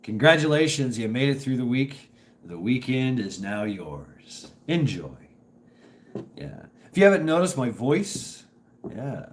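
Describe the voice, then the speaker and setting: A middle-aged man hosts a casual live stream, his voice strained and hoarse. He rambles and stops and starts, greeting viewers by name at a medium pitch. A faint hiss sits under the recording. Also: very animated, measured pace. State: strained voice from dusty work.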